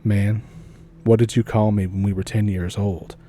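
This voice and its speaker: A wary young man speaks in short, suspicious bursts, as a male narrator reads him. His voice is low and mellow, with a faint ambient hiss behind. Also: flat delivery, moderate pace, lightly acted.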